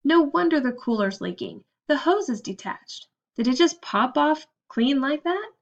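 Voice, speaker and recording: A woman's voice: sits high, lively intonation, measured pace, pitched above the performer's own voice. Practical storybook dad, matter-of-fact, read by a woman; slightly muffled take. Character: calm, practical father and truck driver.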